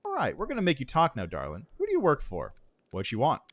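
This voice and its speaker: A man's voice: fairly high pitch, huge pitch swings, quick pace, fairly bright tone, dry recording, exaggerated voice. Give me a man playing a teasing, self-satisfied soldier woman. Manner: teasing, smug. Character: smug female soldier, teasing interrogator.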